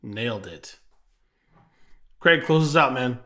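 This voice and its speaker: Brief: male podcast co-host, bright forceful tone, reads from notes. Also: medium pitch, expressive, slow pace. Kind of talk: casual podcast chat.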